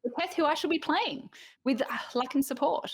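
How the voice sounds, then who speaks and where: A woman in casual livestream chat, introducing her tabletop character with bubbly, animated storytelling. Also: high voice, fairly quick, a little hiss or hum.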